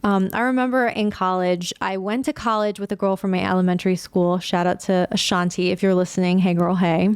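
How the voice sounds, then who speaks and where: Candid woman podcaster, smooth dry voice. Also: mid-range voice, a little fast, hardly any pauses, no room sound. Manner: candid, animated, swears casually. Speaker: podcast host. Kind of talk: casual monologue podcast.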